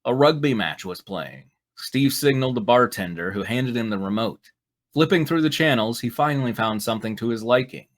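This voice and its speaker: A man's voice: medium pitch, expressive, brisk. Playful man narrating fan fiction. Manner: playful, breaks to laugh and comment. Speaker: narrator and show host. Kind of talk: live reading of fan fiction.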